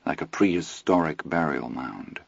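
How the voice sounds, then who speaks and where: A man reading a first-person story aloud in a measured, low-key way. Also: animated, gravelly, dry recording. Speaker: audiobook narrator. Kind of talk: scripted first-person narration. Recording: dull lo-fi audio, dry.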